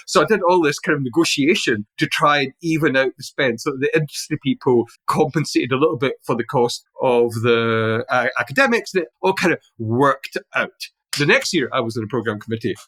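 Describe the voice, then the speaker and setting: Fast-talking Glaswegian man telling stories. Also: mid-range voice, breathy edge, no echo. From Scotland. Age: middle-aged. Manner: animated anecdotes with frequent restarts and laughter. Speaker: guest. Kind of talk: casual conversational storytelling.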